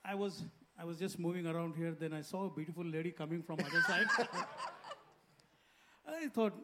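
A man's voice: high voice, sing-song, moderate pace, very noisy. A middle-aged man from India with an Indian accent, English not his first language, earnestly telling his testimony as a guest pastor into a handheld mic. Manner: simple, earnest storytelling. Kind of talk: personal testimony in an interview. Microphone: handheld microphone.

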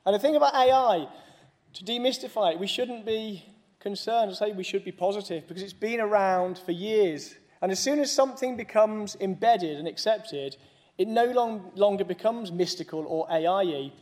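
High-voiced man giving a jokey keynote. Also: normal speed, a little mellow. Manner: jokey, with humorous asides to the audience. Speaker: conference speaker. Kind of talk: keynote speech.

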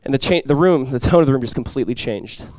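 A man preaching a sermon as pastor, telling a personal story conversationally with light humor, and praying softly and earnestly. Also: mid-range voice, fast talker, no room sound.

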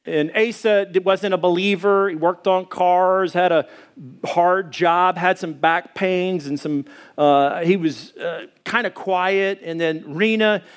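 A man's voice: slow pace, clear, resonant tone. A middle-aged man preaching a sermon as a pastor, telling stories in a conversational way with many fillers and hesitations. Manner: acts out quoted voices in a higher pitch.

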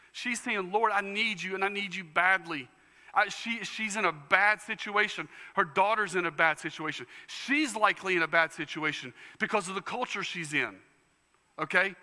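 A man preaching a sermon as pastor, passionate, dropping to hushed tones and rising to fervent declarations. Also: fairly high pitch, long reverb tail. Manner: impassioned preaching, swings from hushed to loud. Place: church sanctuary.

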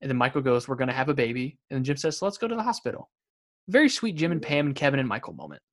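Speaking very fast and animatedly at medium pitch, a male podcast co-host chats casually. He reads amusing quotes from a show and laughs as he does.

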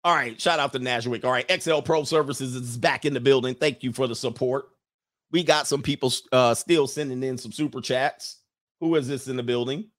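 A man hosting a live stream in casual, slangy commentary, animated, laughing often and mocking people in put-on voices. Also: medium pitch, no echo, clean studio sound. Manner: laughs often mid-sentence.

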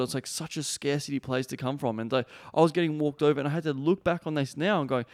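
A man's voice: a little high, steady tone, a little fast. Blunt man telling a story. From Australia. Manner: blunt, swears freely, many fillers like "man" and "like". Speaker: podcast host. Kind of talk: casual storytelling monologue.

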